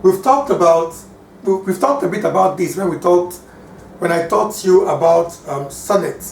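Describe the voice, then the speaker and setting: A man teaching a lesson on poetry, slow and deliberate, repeating key points for his students. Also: high voice, expressive, vocal fry. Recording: echoey room, distant mic, faint hiss.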